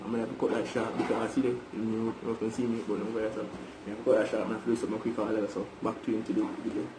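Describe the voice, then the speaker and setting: Speaking rapid-fire in a fairly low, level voice, this young vlogger with a Jamaican accent keeps pushing his brother over the phone, repeating himself and saying "brother" constantly. Faint noise and echo fill the room around him.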